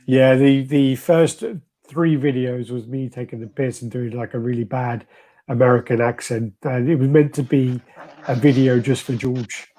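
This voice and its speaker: A man's voice: mid-range voice, level tone, moderate pace, mellow, rough recording. A man hosting a casual livestream chat, chatty and teasing, putting questions to his co-host.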